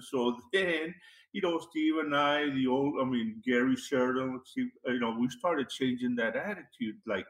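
A man's voice: medium pitch, moderate pace, fairly bright tone. A man telling a story as an interview guest in a casual, rambling way with many fillers and restarts. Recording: roomy echo.

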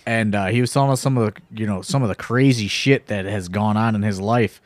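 A man's voice: on the low side, brisk, dry recording. A man co-hosting a podcast in casual chat, rambling with many fillers and swear words. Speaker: podcast co-host, wrestling promoter.

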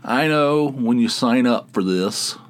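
A podcast host telling stories in a rambling casual monologue, griping with wry, crude humor. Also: male voice, medium pitch, expressive, slow pace.

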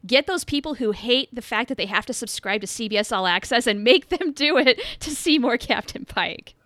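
Woman, podcast co-host, bright tone, dry close sound. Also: on the high side, lively intonation, normal speed, dry recording. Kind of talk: casual podcast chat.

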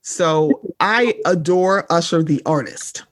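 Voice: mid-range voice, takes it slowly, fairly bright tone, dry recording, clean studio sound. A podcast co-host in casual pop-culture chat, talking bluntly and sarcastically with plenty of swearing and asides to listeners. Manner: blunt, profane, sarcastic, addresses listeners as y'all.

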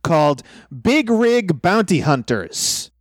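A man's voice: high voice, sing-song, slow pace, no room sound, clean studio sound. A man co-hosting a casual podcast chat, amused and laughing often. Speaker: podcast co-host.

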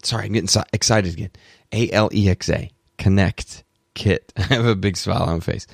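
Man, solo tech podcast host, rambling excited commentary, allergy-stuffed, gravelly low voice, dry close sound. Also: a little fast, dry recording. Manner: excitable, apologetic rambling with self-corrections. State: allergies, throat clearing.

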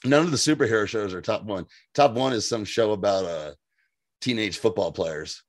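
A man's voice: lowish voice, no room sound, clean studio sound. A man co-hosting a podcast, recapping a TV episode in casual, profane, laughing chat. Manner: animated, profane, laughing, slips into quick voiced impressions. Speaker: podcast co-host.

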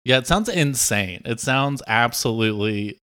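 A man's voice: medium pitch, animated, unhurried, pushed and bright. A man co-hosting as producer on a comedy podcast, rambling through sarcastic jokes. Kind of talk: joking podcast banter.

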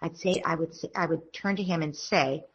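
A woman and parenting author, guest on an interview, explaining steps in a calm, gentle, instructive way. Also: sits low, moderate pace, breathy edge, lo-fi sound.

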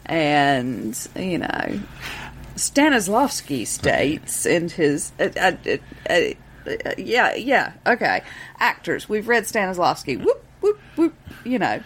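A woman's voice: fairly low pitch, very animated, slow pace, fairly bright tone, slight background noise. A woman co-hosting a podcast, chatting casually in a playful, theatrical way. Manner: playful, theatrical, laughing asides. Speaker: podcast co-host. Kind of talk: casual chat.

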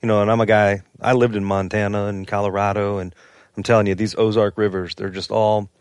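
A man's voice: lowish voice, little pitch movement, brisk, darkish tone, smooth, no echo, clean studio sound. A man, a podcast guest, chatting casually and talking up his home area with enthusiasm. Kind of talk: casual chat.

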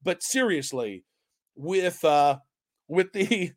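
A man's voice: a little high, animated, takes it slowly, no echo, clean studio sound. A man co-hosting a casual sports podcast, telling rambling, self-mocking stories and breaking into giggles. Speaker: podcast co-host.

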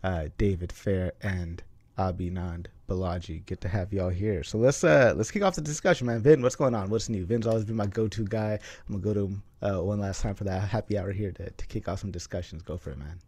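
A man's voice: deep voice, fairly quick, darkish tone, no echo. A man hosting a casual online group chat, laid-back and peppering his talk with "man". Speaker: host.

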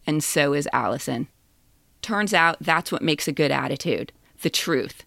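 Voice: medium pitch, creaky, a bit bright, no room sound, studio quality. A podcast co-host reading a personal essay aloud in a wry, plain-spoken way.

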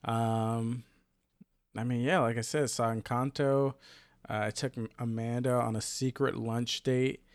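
A man's voice: medium pitch, fairly even intonation, unhurried, no room sound. Easygoing young guy chatting. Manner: easygoing, chimes in with short reactions and jokes. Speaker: podcast co-host. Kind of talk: casual chat.

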